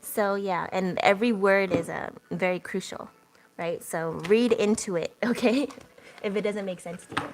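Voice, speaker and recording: Chatty young woman with a gravelly edge. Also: medium pitch, normal speed, a little hiss or hum. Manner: chatty, lots of filler words and laughs. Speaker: tarot reader. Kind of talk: casual livestream chat.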